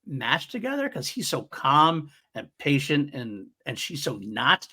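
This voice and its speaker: A man's voice: on the high side, sing-song, measured pace, bright, forceful tone, husky. A man co-hosting a fan podcast, talking eagerly in casual chat and laughing while he retells scenes. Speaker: podcast co-host.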